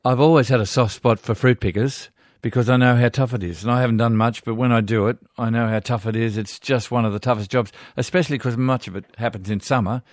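A man's voice: medium pitch, fairly even intonation, quick pace, few pauses, dry recording, clean studio sound. An older Australian man hosting a radio show, reading listener letters with chatty asides. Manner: warm chatty asides, chuckling.

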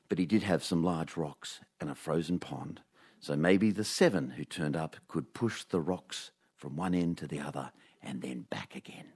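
A man, hosting a radio show with a dry, deadpan comic monologue. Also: low-pitched, breathy edge. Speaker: radio host. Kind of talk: comic scripted monologue then panel chat.

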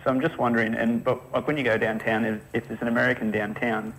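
A man's voice: mid-range voice, little pitch movement, quick pace, a bit bright, a little hiss or hum, rough recording. A man calling in to a radio show, rambling and repeating his question. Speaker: caller. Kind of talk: phone-in question.

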